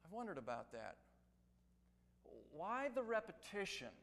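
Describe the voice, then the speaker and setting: A man preaching an expository sermon, building to loud, emphatic crescendos. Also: high voice, big pitch swings, measured pace, gravelly. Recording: long reverb of a large hall.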